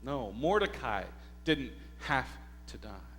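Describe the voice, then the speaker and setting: A man preaching a sermon at a slow, measured pace, pausing to ask his congregation questions. He sounds like he is in a church sanctuary with a long reverb tail. A faint mains hum sits under the voice. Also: medium pitch, huge pitch swings, creaky, fairly bright tone. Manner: slow, deliberate storytelling with rhetorical questions to the congregation. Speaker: pastor.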